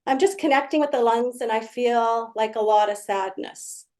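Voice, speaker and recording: Higher-voiced woman healer explaining. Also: moderate pace, a little mellow. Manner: storytelling, acts out client exchanges. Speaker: energy healer. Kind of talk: conversational explanation.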